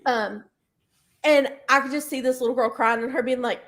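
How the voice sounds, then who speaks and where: A woman with a notably high voice, co-hosting a reading stream in easygoing chat. She teases and jokes her way through the conversation. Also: fairly even intonation, moderate pace, fairly bright tone. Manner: teasing, laughing banter. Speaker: readathon co-host. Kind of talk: casual chat.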